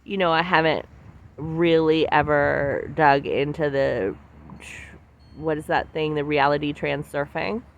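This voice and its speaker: A woman's voice: low voice, fairly even intonation, a little slow, vocal fry, highs cut off, slight background noise. A woman hosting a podcast, talking in a casual, candid and reflective way, often filling with "like". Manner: candid, chatty, heavy use of "like". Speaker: podcast host.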